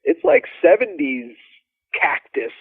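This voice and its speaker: A man, a drummer guest, telling studio stories in a rambling, animated way and acting out what others said. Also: fairly high pitch, takes it slowly, breathy edge, dry recording. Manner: animated, rambling, acts out quoted dialogue. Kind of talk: casual storytelling interview. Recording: dry tinny phone-like line.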